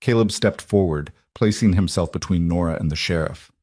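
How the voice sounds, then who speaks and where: Brief: male storyteller, lowish voice, measured and dramatic, dry close sound. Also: a little mellow, no echo. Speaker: narrator. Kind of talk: scripted audiobook narration.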